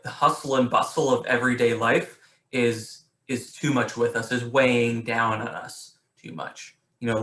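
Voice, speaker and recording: Bright-voiced male teacher on a video call. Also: mid-range voice, reverberant. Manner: hesitant, restarts often, asks questions. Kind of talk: online class discussion.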